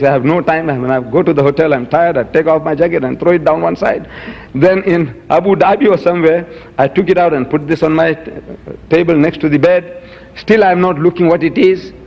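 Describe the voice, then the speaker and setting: A man's voice: high-pitched, in a large hall. An older man giving a public lecture, emphatic and given to repeating words.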